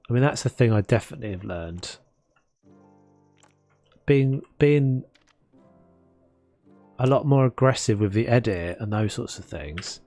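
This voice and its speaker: A man's voice: medium pitch, darkish tone, no room sound. A man with a South London accent chatting casually and rambling, self-mocking, while building in a game. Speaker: gaming streamer. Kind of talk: casual gameplay commentary.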